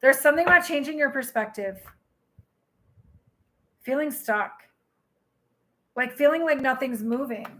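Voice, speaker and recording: Woman tarot reader, high bright voice, excitable, talking straight to her viewers on a live stream. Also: unhurried, long pauses, slight background noise, rough recording. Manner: excitable, exclaiming and laughing.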